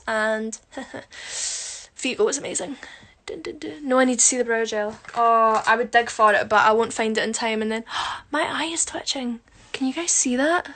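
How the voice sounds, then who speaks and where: A young woman chatting casually on a phone livestream at home, reading out comments, dropping into murmured asides between lively bursts and lots of ums. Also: on the high side. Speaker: musical theatre performer on a live stream. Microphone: phone camera close up.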